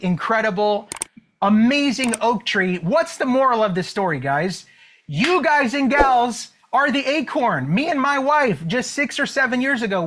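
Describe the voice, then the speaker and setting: A man's voice: very high voice, fairly bright tone, slight background noise. A man coaching an online audience, telling a motivational story. He checks in often with "okay?" and "right?" and draws out key words for emphasis.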